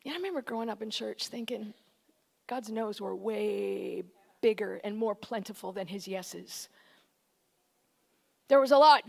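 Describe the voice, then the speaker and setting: A woman preaching a conversational, animated sermon, often shifting into quoted voices. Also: fairly high pitch, normal speed, vocal fry.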